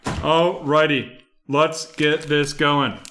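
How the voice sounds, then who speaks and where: A man's voice: fairly high pitch, level tone, extremely slow, fairly bright tone, a little hiss or hum. A young man hosting a live card break stream, rattling off card names and the buyers they go to.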